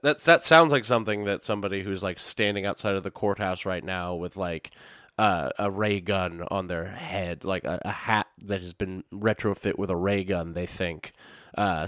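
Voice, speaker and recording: A man's voice: deep voice, a bit bright, no room sound, clean studio sound. Rambling sarcastic male podcast host. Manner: rambling, sarcastic, prone to silly outbursts. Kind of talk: casual solo commentary.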